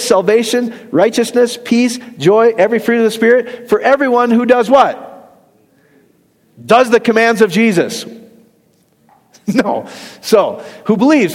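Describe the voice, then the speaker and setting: A man's voice: extremely high pitch, moderate pace, pauses often. A middle-aged man preaching a joking, conversational sermon, often asking the congregation questions and laughing at his own jokes. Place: church hall. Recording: long reverb of a hall.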